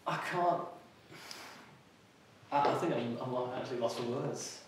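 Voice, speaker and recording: A man who is the skeptic of a ghost-hunting team, speaking hesitantly and in a measured way. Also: medium pitch, a little hiss or hum. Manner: hesitant, measured, with fillers and restarts. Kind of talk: reflective casual talk. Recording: echoey, distant location audio.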